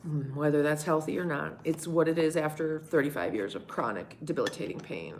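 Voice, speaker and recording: A middle-aged woman with a notably low, deep voice hosts a casual live stream, answering chat messages one at a time. She talks a little fast, candid and meandering, cursing without a second thought, with a bit of hiss or hum in the audio.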